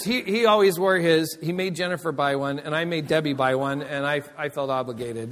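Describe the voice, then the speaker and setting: A male pastor delivers a story-driven sermon in a voice pitched a bit higher than most men. He is animated and laughs often as he tells it. The sound carries a long reverb that fills a church sanctuary. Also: a little fast, few pauses, slight background noise. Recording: long reverb of a large hall.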